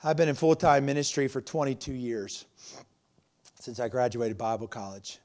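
A man in his forties preaching a sermon as pastor, swinging from loud emphasis to quiet, confiding asides. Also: medium pitch, moderate pace.

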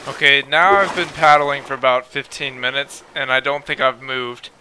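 A young man doing excitable gaming commentary at home, swinging into panicked yelling. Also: mid-range voice, moderate pace, noisy background. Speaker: let's play gamer.

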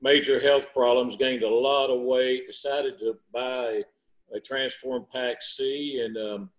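A man's voice: medium pitch, steady tone, takes it slowly. Plain-spoken Arkansas man on a call. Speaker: guest. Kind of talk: casual testimonial. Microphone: video call. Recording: lo-fi video call audio.

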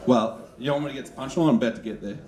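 Hesitant open-mic comedian. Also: male voice, mid-range voice, rapid-fire, crowd noise. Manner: rambling, hesitant storytelling. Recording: echoey room.

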